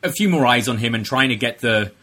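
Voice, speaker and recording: A man with a bright, slightly husky voice talks wrestling in easygoing podcast chat. He lays out his reasoning in a measured, explanatory way. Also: mid-range voice, animated. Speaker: podcast co-host. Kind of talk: casual wrestling review chat.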